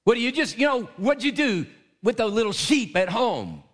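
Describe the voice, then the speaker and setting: A man's voice: very high-pitched, very animated, normal speed, pitched above the performer's own voice, full character voice. A man preaching, acting out an angry older brother who scornfully scolds his younger brother.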